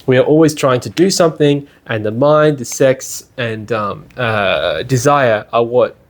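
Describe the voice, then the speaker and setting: A man teaching a class at a study centre in a relaxed, conversational way, often checking in with the room with "yeah?" and "you know". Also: mid-range voice, a little slow, slight background noise. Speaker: lecturer at a spiritual study centre. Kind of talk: casual classroom lecture. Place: indoor classroom.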